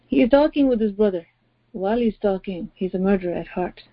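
A woman's voice: medium pitch, animated, brisk, no echo. A woman pastor preaching a sermon, stressing her points by repeating phrases. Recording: dry, dull lo-fi audio.

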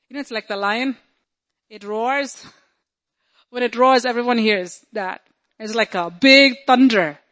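A woman preaching a sermon, delivering God's promises with loud declarations that drop to hushed, intimate tones. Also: a little high.

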